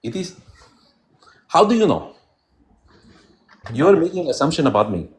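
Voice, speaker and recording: A man's voice: on the high side, sing-song, normal speed. A man calling into a live debate stream who puts on an exaggerated foreign accent and plays a trolling guest. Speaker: caller.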